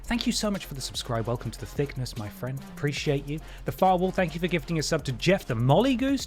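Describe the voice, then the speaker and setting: Chatty streamer, fairly high voice. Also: male voice, sing-song, quick pace, few pauses, soft background music. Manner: chatty and wry, with playful voice jumps. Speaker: livestream host. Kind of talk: casual stream chat, thanking viewers.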